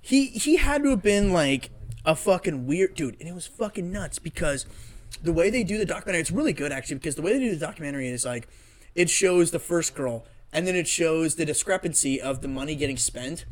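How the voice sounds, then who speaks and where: A young man hosting a casual podcast chat, swearing a lot and acting out quotes as he rambles through a story. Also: a little high. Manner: profane, rambling storyteller who acts out quotes. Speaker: podcast host.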